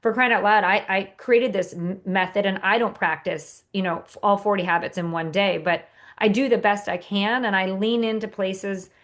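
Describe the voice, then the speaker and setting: Woman, author guest, motivational, earnest, talks with fillers and restarts, middle pitch. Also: fairly even intonation, moderate pace, fairly bright tone. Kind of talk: podcast interview.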